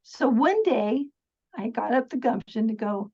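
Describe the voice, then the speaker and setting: A middle-aged woman with a slightly high, husky voice tells stories as a podcast guest. She talks earnestly and chattily, laughing often and restarting her sentences. The recording sounds dull and lo-fi. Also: animated, unhurried, dark tone. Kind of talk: casual storytelling interview.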